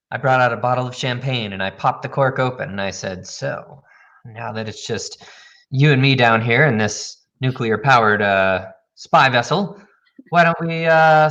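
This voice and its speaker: A man's voice: medium pitch, moderate pace, sharp tone, highs cut off. A man improvising a dramatic spy-film style story. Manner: dramatic, action-movie storytelling. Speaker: improv performer.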